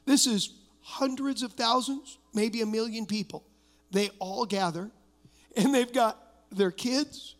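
A man's voice: extremely high pitch, takes it slowly. A middle-aged male pastor preaching an emphatic sermon, weaving personal stories into declarations. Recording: long reverb of a church hall.

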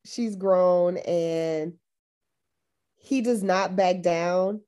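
A woman's voice: fairly low pitch, extremely slow, warm tone. A woman co-hosting a podcast in casual chat, laid-back and chatty, recapping a movie with dry asides. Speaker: podcast co-host.

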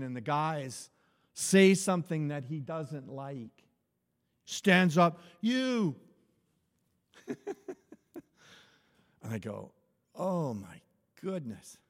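A man preaching an informal sermon, telling stories in a conversational way, often restarting his phrases and chuckling. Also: on the high side. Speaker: pastor. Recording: long hall reverb.

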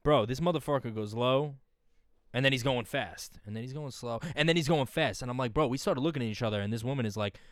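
A young man, co-hosting a podcast, excitable and slangy, swearing as he reacts and tells stories. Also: mid-range voice, quick pace, dry recording, studio quality. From New York. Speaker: podcast co-host. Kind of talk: casual podcast chat.

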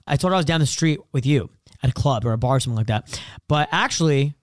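A young man in casual podcast chat, talking fast and profanely about his own life, acting out what others said. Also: mid-range voice, expressive, no room sound, clean studio sound. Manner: fast, profane, confessional, acts out quotes. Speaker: podcast co-host.

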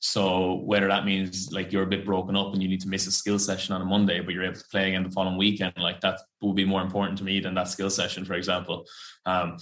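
Fast-talking Irish rugby player, low voice. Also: male voice, monotone, fairly bright tone. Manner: chatty and rambling, full of fillers and slang, swears freely. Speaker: professional rugby player guest. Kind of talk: casual podcast interview.

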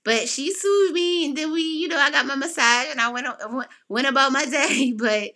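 A woman hosting a podcast, telling a personal story in a casual way and acting out what people said with sudden jumps in pitch. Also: normal speed. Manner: animated, acts out quotes with big pitch jumps. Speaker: podcast host.

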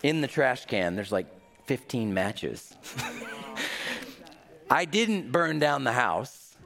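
A man preaching a sermon, telling a childhood story with acted-out voices and a lively delivery. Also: medium pitch, slow pace, vocal fry. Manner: animated storytelling with acted-out quotes. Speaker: pastor. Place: large hall. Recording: reverberant hall.

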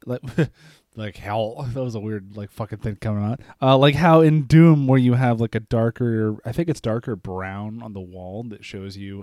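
A man with a fairly low voice chats casually, stopping and restarting with many fillers. The recording is dry and close, with no room sound. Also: dark tone, dry recording. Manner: halting, lots of "like" fillers. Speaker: podcast co-host. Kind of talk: casual chat.

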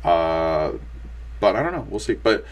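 A man's voice: deep voice, big pitch swings, unhurried. A young man co-hosting a casual movie review chat, rambling with lots of fillers and restarts. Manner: rambling, many fillers and restarts, laughs often. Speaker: podcast co-host.

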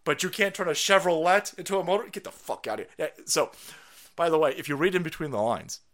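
A man's voice: fairly high pitch, fast talker, fairly bright tone, a little hiss or hum. Foul-mouthed man ranting. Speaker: streamer. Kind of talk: profane conspiracy rant.

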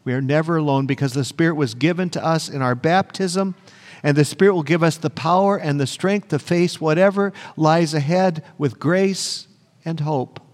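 Pastor guy preaching, kinda high voice, long echo from the church hall. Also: normal speed. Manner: earnest, emphatic repetition. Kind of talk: sermon.

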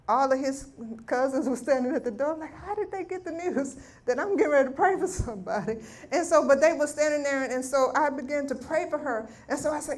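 Middle-aged woman preaching a testimony, high voice, acts out everybody's lines as she tells it. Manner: animated storytelling, acting out voices of family members. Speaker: guest speaker at a women's ministry meeting.

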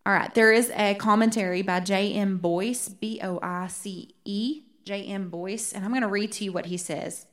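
A woman teaching a Bible study, rereading verses slowly and earnestly. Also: mid-range voice.

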